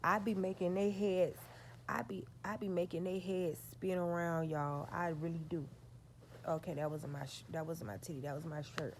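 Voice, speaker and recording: A woman's voice: fairly low pitch, little pitch movement, moderate pace, slight background noise. A woman vlogger telling a story straight to her viewers, profane and emphatic.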